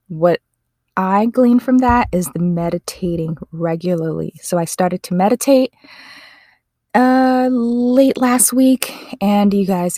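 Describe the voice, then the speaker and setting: A woman's voice: on the low side, mellow, dry recording, clean studio sound. A woman hosting a podcast, talking earnestly and emotionally, often correcting herself as she goes. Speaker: podcast host. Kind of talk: casual podcast monologue.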